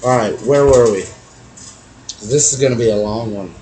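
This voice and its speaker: A hoarse man co-hosting a casual chat, laid-back with dry asides. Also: mid-range voice, moderate pace, rough recording. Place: room with echo.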